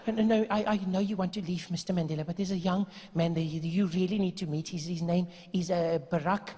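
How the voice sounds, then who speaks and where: A man voicing a timid young female assistant in a stand-up bit, stammering and halting. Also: high voice, steady tone, dark tone, long reverb tail.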